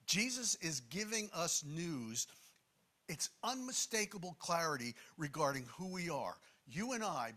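A man delivering a sermon, talking straight to his listeners with emphatic repetition and casual asides. His voice sits a little high and rings bright. His pitch swings widely as he stresses each point. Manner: animated, emphatic, conversational preaching with asides. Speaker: preacher.

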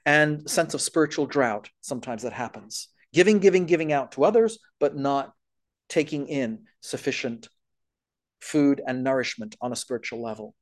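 A man's voice: medium pitch, moderate pace. A man giving an earnest talk on missionary care, working through a list of points. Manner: earnest, explanatory, lists points. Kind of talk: church talk.

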